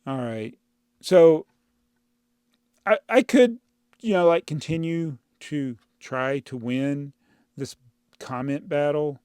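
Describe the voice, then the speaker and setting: Chatty man with a slightly high voice. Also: takes it slowly, pauses often, mellow, clear, resonant tone, no room sound, clean studio sound. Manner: rambling, exasperated ranting with frequent laughs. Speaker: channel host answering viewer comments. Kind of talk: casual chat. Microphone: clip-on mic inside a brick-built housing.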